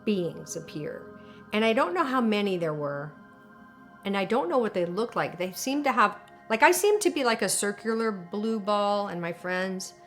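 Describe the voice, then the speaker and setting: A woman in a documentary interview, telling a personal story in an animated, emotional way with lots of fillers. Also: medium pitch. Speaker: interviewee recounting alien contact.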